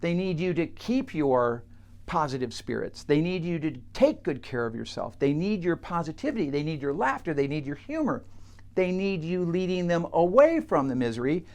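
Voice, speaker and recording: A man who works with clients, telling a teaching story straight to camera in a halting way, with many fillers and restarts. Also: on the high side, sing-song, darkish tone. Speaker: coach working with clients.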